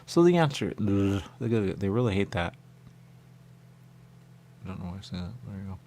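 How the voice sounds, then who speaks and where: Low, gravelly man rambling on air. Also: expressive, moderate pace, dark tone. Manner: meandering, repetitive, stream-of-consciousness. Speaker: radio host. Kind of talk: rambling monologue.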